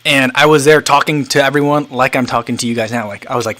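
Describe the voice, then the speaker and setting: A man in his thirties hosts a relaxed livestream and reads out viewer comments. He rambles along casually, restarting sentences and leaning on fillers. His voice sits at an ordinary middle pitch. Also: quick pace, dry recording. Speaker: livestream host.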